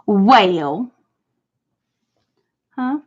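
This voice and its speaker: A woman's voice: mid-range voice, animated, very slow, breathy edge, lo-fi sound. A woman streamer chatting casually while she paints, playfully teasing and answering her chat.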